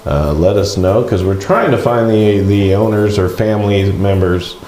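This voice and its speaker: A male co-host of a small-town news show, talking in a loose, chatty way with plenty of fillers. His voice is wearing out. The tone is mellow and dark, and the sound carries a roomy echo. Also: lowish voice, moderate pace, slight background noise. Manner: relaxed, chatty, many fillers. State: losing his voice. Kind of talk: casual live show chat.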